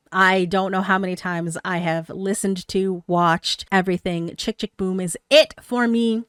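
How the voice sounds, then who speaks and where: A woman hosting a reaction channel talks in a fairly high voice. She gushes excitedly, swears casually, and swings between quiet murmurs and loud bursts. The sound is dry and close, with no room echo. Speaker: host of a music reaction channel.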